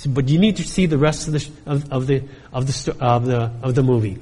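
A man's voice: medium pitch, brisk, dark tone, breathy edge. A pastor preaching a sermon, emphatic, who keeps asking his congregation for an amen. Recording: long reverb of a large hall.

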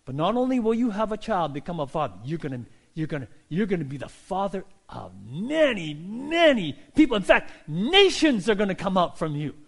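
Man doing an angel voice, calm and solemn, then building up big. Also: high-pitched, normal speed, few pauses, full character voice. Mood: reassuring. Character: solemn heavenly messenger, male, reassuring.

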